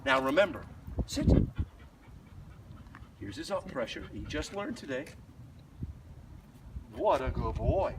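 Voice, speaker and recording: On a noisy outdoor walk captured by a distant mic, a dog trainer explains a leash lesson, often pausing to praise the dog in a light voice. His voice sits on the high side, swings hugely in pitch, and is slow and creaky, with long pauses.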